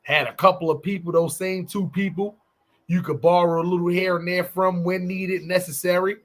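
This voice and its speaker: A male podcast co-host talks in a loose, rambling way and keeps asking for nods from his listeners. His voice sits a little high for a man. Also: little pitch movement, normal speed, a bit bright. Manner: loose and conversational, fills with "you know what I'm saying". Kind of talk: casual chat.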